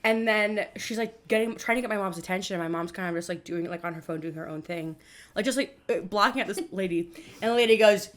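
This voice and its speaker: A woman's voice: medium pitch, quick pace, a bit bright. A young woman co-hosting a comedy podcast, telling stories in casual chat with lots of laughing and filler words. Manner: giggly, laughs often, many fillers. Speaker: podcast co-host.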